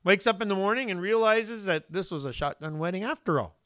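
A man preaches with a high, bright voice. He asks his listeners questions and slips into the voices of the people in the story. The sound is close and dry, with no room around it. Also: animated, fairly quick, no room sound. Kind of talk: sermon.

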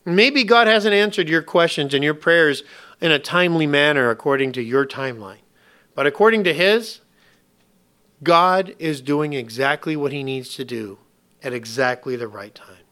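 A man preaching a sermon in an animated, conversational way, full of rhetorical questions and humor. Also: on the high side, normal speed. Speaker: pastor.

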